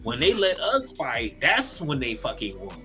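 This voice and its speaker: Lively bright-voiced man on a podcast. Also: medium pitch, measured pace, soft background music. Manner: animated, profane, laughs often, repeats words. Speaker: podcast co-host. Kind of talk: casual comedic podcast chat.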